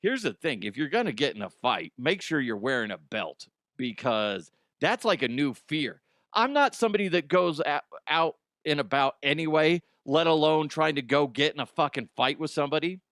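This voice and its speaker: Man, middle-aged, comedy news host, animated and jokey, a bit high-pitched, dry close sound. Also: moderate pace, dry recording. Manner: animated, jokey, swears freely.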